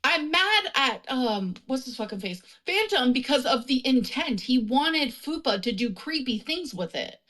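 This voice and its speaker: A woman co-hosting a livestream with a slightly high voice. She argues defensively, swearing and cutting back at the others. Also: sing-song, measured pace, few pauses, fairly bright tone. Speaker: co-host. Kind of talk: heated livestream argument.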